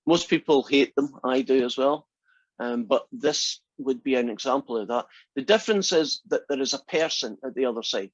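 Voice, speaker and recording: Guy teaching math class, kinda husky, dry dull lo-fi sound, jokey and chatty. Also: mid-range voice, normal speed, no echo. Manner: chatty, tells jokes with asides. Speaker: math instructor. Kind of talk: classroom lecture with a joke.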